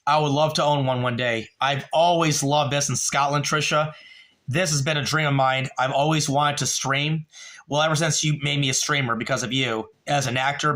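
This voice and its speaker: A male live streamer chats on camera in a rambling, halting way, full of fillers and restarts. His voice is bright and forward, at an ordinary pitch for a man. He keeps addressing a friend by name and turns emotional about a dead relative.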